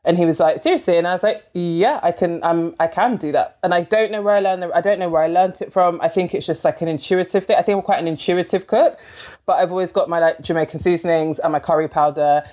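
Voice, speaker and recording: A woman novelist from London, chatting as an interview guest, filling with "like" and acting out quoted dialogue. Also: fast talker. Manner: chatty, fills with "like", acts out quoted dialogue with lively pitch jumps. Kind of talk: casual storytelling interview.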